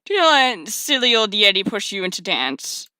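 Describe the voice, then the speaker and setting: A woman reads out a shy, lovestruck male yeti from a dating game, speaking in halting broken English and dropping "da" and "nyet". The voice is soft and bright, recorded close and dry. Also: medium pitch, sing-song, no echo. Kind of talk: reading game dialogue aloud.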